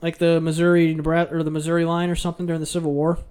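A man's voice: a little high, completely flat delivery, very fast, a little mellow. A young man from Iowa chatting casually, blunt and opinionated, swearing freely. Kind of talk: casual chat.

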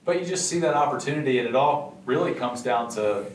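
A man's voice: medium pitch, expressive, brisk. Man, easygoing storyteller; roomy, distant, noisy studio sound. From Augusta, Georgia, US. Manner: laid-back, chuckling storyteller. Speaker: restaurant owner guest. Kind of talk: casual podcast interview. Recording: echoey room, distant mic, noisy.

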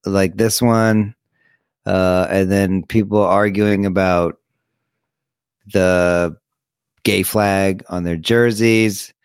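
A man's voice: deep voice, fairly even intonation, very slow, long pauses, smooth, no echo. A man co-hosting a comedy podcast, cracking crude jokes in casual chat. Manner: wisecracking, crude jokes, frequent laughter. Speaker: podcast co-host.

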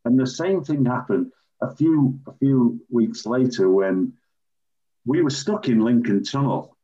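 An older man from England, a former referee, telling animated anecdotes as an interview guest. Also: mid-range voice, unhurried. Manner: animated raconteur, acts out quoted voices. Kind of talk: anecdotal storytelling. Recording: dull lo-fi recording.

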